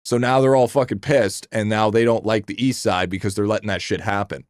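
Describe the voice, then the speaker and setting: A man hosting a live game stream, chatting casually with his chat in a rambling, profane, excitable way. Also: lowish voice, brisk, no echo, studio quality.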